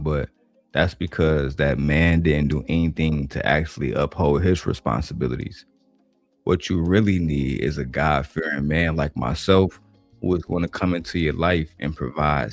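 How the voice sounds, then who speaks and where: A man doing a suave ladies' man with a voice dropped far below his usual, crooning slowly and low. The delivery is dry and close, with faint music underneath. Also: no room sound. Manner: slow, low crooning flirtation. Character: smooth, deep-voiced seductive man.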